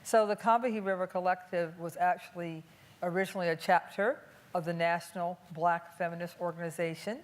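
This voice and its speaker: An older woman from Cleveland speaking on a panel before an audience, thoughtful and unhurried, with many filler pauses. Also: fairly low pitch, steady tone. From Cleveland, USA. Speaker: panelist and activist. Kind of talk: public panel talk. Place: museum talk before an audience.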